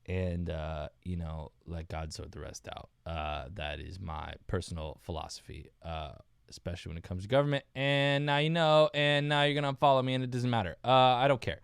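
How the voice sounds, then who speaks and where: Young male podcast host, low voice, self-mocking rambler, dry close mic. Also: moderate pace, vocal fry, clean tone, dry recording. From United States. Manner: rambling, self-mocking, says dude and man a lot. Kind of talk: casual solo podcast talk.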